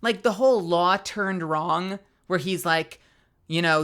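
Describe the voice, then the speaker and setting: A woman's voice: fairly low pitch, measured pace, fairly bright tone, clean tone. A young woman streamer with a tired, strained voice, chatting animatedly, laughing and swearing freely. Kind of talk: casual stream outro chat.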